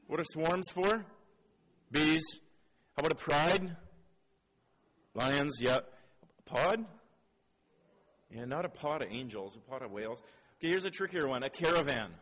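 Preacher with a higher voice in a reverberant hall. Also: male voice, expressive, a little slow, long pauses, fairly bright tone. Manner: playful, quizzing the audience, then earnest and reflective. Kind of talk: sermon.

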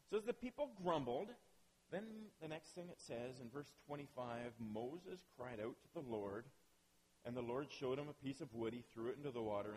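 A man's voice: a little high, darkish tone, slightly rough, poor audio. A man preaching a sermon, earnest and emphatic, often asking rhetorical questions. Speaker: pastor.

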